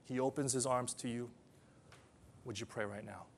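A man preaching a sermon to people whose first language is different, telling stories and then leading a quiet prayer. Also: medium pitch, steady tone, normal speed, creaky, slight background noise.

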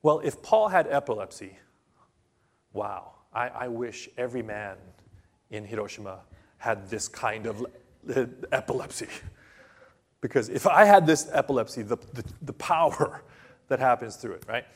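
A man preaching a sermon to a congregation, telling a story slowly and dramatically with sudden loud bursts. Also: mid-range voice, expressive, slightly rough.

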